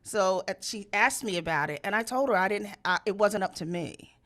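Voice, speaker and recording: Bright sharp-voiced woman telling a crazy story, lots of swearing, loud high voices when she quotes folks. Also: lively intonation, fairly quick. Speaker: storyteller host. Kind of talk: casual storytelling chat.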